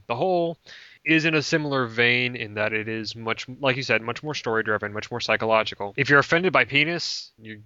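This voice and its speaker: Man, casual movie review chat, bright forceful voice, smooth clear tone, dry room. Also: on the low side, dry recording, lo-fi sound. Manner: blunt, profane, joking. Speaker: podcast co-host.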